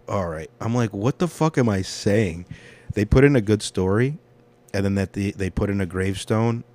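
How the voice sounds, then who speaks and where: A young man talks alone on his podcast in a lowish voice. He is candid and rambling, and he swears freely. He shifts between loud, heated rants and soft, quiet confessions. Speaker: podcast host. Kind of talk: casual solo podcast monologue.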